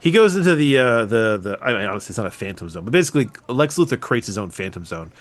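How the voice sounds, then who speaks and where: A podcast co-host chats casually at a fast pace in a medium-pitched voice. He's animated and swears freely, and his voice jumps up whenever he gets excited.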